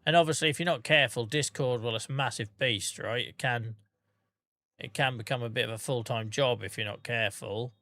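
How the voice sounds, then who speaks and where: A man's voice: mid-range voice, brisk, bright, forceful tone, no room sound. A man streaming a game, chatting casually with his viewers by name and humming to himself between remarks. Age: adult with a day job. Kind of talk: casual livestream chat while gaming.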